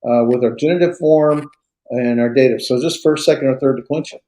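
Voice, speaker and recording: Relaxed man tutoring Greek. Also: medium pitch, fairly quick. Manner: relaxed, coaching, filler-heavy. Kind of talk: one-on-one tutoring.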